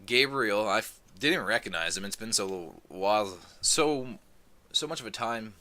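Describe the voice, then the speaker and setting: A man casually recapping a comic book volume, rambling and filling gaps with "um" as he gets excited about the story. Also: on the low side, unhurried. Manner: rambling, many "um"s, excitable retelling. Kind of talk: casual plot recap review.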